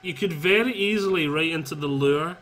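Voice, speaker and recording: A man's voice: fairly high pitch, a little fast, a bit bright, slight background noise. A man hosting a casual co-op game session, easygoing and chatty about game lore. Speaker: gamer, channel host. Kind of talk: casual co-op gaming chat.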